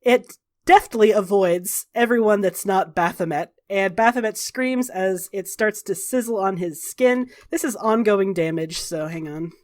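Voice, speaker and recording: A woman running a tabletop game as game master, narrating and calling the rules briskly with offhand fillers. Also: mid-range voice, a little mellow.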